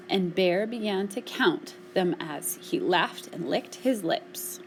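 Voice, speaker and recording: A woman children's librarian reads a rhyming picture book aloud at a slow, unhurried pace. Her voice rises and falls with lively, sing-song expression. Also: mid-range voice, slight background noise. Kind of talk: storytime read-aloud.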